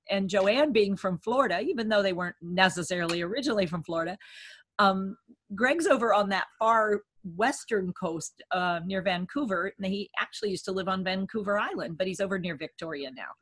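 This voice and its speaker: Woman, podcast co-host, mid-pitched, lively, thinks aloud, self-correcting. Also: normal speed. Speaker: dementia care educator, co-host. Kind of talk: casual podcast chat.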